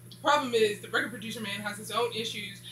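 A woman rambles through a casual recap of a TV series, filling gaps with "blah blah." Her voice is bright and forward. It was recorded in an echoey room with a faint hum behind. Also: on the high side, fast talker. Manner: rambling, says "blah blah" a lot. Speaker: show reviewer.

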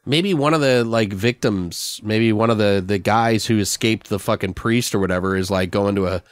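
A man's voice: on the low side, moderate pace, no room sound, clean studio sound. A man hosting a podcast, rambling and swearing casually as he brainstorms a story idea. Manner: rambling, profane, acts out characters. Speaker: podcast host. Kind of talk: casual improvised brainstorming chat.

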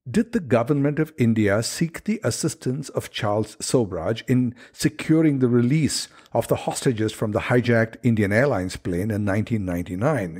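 A man hosting a podcast, reading a scripted introduction with a deliberate, slightly ironic delivery. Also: lowish voice, a little mellow, slightly rough. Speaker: podcast host.

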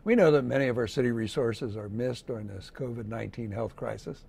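A man, a city mayor, reading a children's picture book aloud in a gentle storytelling manner. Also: mid-range voice, creaky, husky. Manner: gentle, slow storytelling with lively read-aloud voices.

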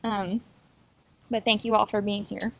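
A woman's voice: mid-range voice, flat delivery, unhurried, vocal fry, slight background noise. A woman paying tribute to her father in a church, reading a poem earnestly while holding back tears. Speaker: daughter giving a tribute.

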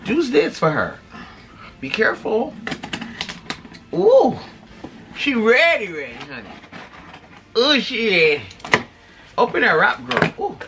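A woman co-hosting a vlog, excitedly unboxing gifts with lots of drawn-out oohs, and a little hoarse from losing her voice. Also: fairly high pitch, background noise. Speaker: vlog co-host. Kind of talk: casual unboxing chat.

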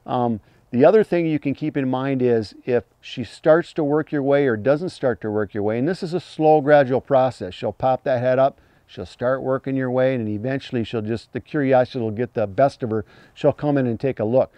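A man teaching hunting calls in a plain-spoken, folksy way, breaking into high imitated fawn cries as he explains. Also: normal speed, few pauses, warm tone, no echo. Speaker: hunting call instructor. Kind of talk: instructional talk.

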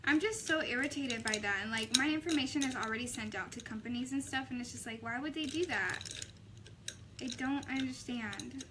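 A young woman vlogging a makeup tutorial, chatting casually with a sassy, animated way of telling stories. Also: high voice, fairly quick, background noise.

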